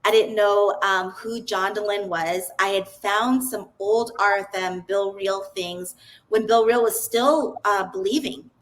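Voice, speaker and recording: A woman's voice: medium pitch, fairly even intonation, measured pace, low-quality recording. A woman, a podcast guest, telling her personal story in an earnest, open way, often restarting her sentences.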